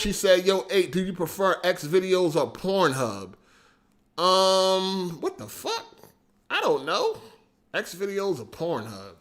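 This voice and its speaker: A man hosting a livestream, telling a story in a casual, slangy, profane, animated way. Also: high voice. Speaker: podcast host.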